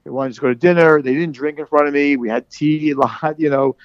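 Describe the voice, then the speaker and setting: A man's voice: fairly high pitch, fairly even intonation, brisk, no room sound, dull audio. A man speaking candidly about his sobriety, rambling with many restarts and fillers. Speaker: guest in recovery. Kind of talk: candid conversation.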